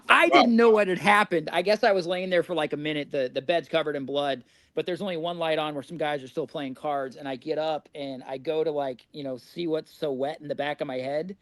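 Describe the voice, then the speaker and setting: His voice is fairly high and a bit bright, a little fast with few pauses, and there's no echo. This Indiana man in his forties, a guest on a podcast, chats casually through stories and laughs at his own anecdotes.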